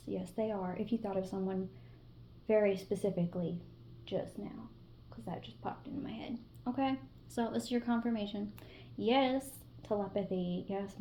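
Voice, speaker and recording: A woman's voice: medium pitch, warm tone, roomy sound. A woman giving a casual, playful tarot-style reading to her viewers, with teasing asides. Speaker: tarot reader.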